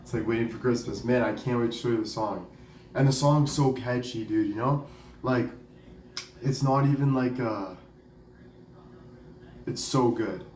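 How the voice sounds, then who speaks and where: Rambling excited young man, roomy and distant. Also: mid-range voice, a little slow, long pauses, a little hiss or hum. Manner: rambling, full of "like" and "dude", swears casually. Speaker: vlogger and singer. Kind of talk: casual excited storytelling. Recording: roomy sound, off the mic, faint ambience.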